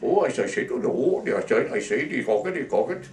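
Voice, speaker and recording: A man's voice: mid-range voice, sing-song, fast, darkish tone, close to an everyday voice. A man putting on a woman politician chattering to a cab driver in a fake mock accent. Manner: chattering, repetitive. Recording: roomy, distant mic, faint hiss.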